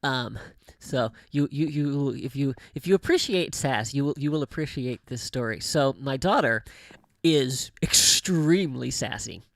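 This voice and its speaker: A man's voice: medium pitch, lively intonation, unhurried, gravelly, fairly bright tone, no room sound, studio quality. A middle-aged man chatting on a livestream, telling stories with laughs and many restarts. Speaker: streamer. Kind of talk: casual livestream chat.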